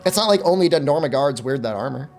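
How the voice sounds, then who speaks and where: A man's voice: a little high, animated, fast talker, a little mellow, faint music behind. A man live-streaming a game, chatting loosely with viewers and joking as he talks. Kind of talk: casual live-stream chat.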